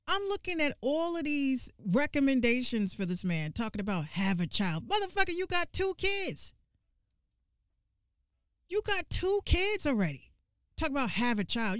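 Animated, swearing woman doing game commentary. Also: high voice, smooth, no room sound, clean studio sound. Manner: animated, profane, exasperated ranting; vernacular, repeats lines for emphasis. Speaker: gaming commentator.

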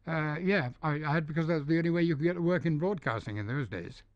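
A man's voice: on the high side, fast, no room sound. Older Englishman with a polished mid-Atlantic accent. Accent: neutralized English, mid-Atlantic. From north of England. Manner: storytelling, hesitant with frequent ums and restarts. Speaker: interviewee, dubbing studio founder. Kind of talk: relaxed anecdotal interview. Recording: dull, dry lo-fi recording.

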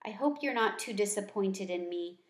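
Sweet little girl, soft and earnest, a lady reading, roomy sound. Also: mid-range voice, expressive, normal speed, natural voice. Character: young girl, cheerful and sweet.

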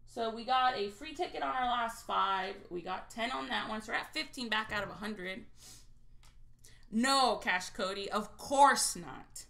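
Scratching lottery tickets on a live stream, this host speaks in a fairly high, creaky, somewhat bright voice without rushing. She's a chatty storyteller, blunt and salty with plenty of swearing, and reads viewer names as she goes.

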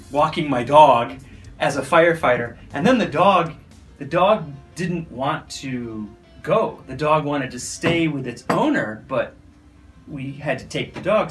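Middle-aged American man, storytelling teacher type, lively and animated, soft guitar faintly behind. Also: fairly high pitch. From United States. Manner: animated, acts out sounds and voices in his stories. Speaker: university English teacher. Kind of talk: casual storytelling.

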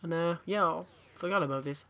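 Young gamer, tired and sweary, mutters his way through a pack opening in a fairly high voice. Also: brisk, sharp tone. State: tired, yawning. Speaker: gaming YouTuber.

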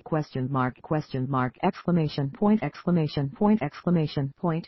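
A narrator reading a joke story in a flat, literal manner that speaks the punctuation marks aloud. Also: medium pitch, moderate pace, hardly any pauses, slightly rough, dry recording, dull audio.

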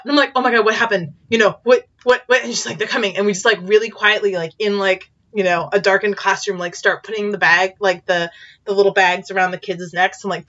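In casual conversation, a woman who teaches in Japan tells an animated story packed with fillers, acting out quotes with high squeals. The recording is muffled.

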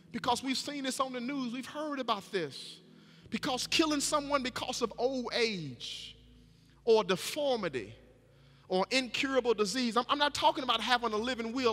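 A man's voice: very high-pitched, bright, forceful tone. A middle-aged man preaching a sermon as pastor, folksy and emphatic, often repeating his words. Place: church sanctuary. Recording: long church reverb with faint music.

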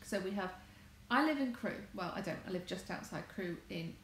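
Chatting casually on a livestream, an English crafts vlogger wanders between topics and corrects herself, speaking at a moderate pace in a fairly low voice with lively intonation. She's an adult, married, and talking from her home conservatory, where the echoey room picks up faint background noise.

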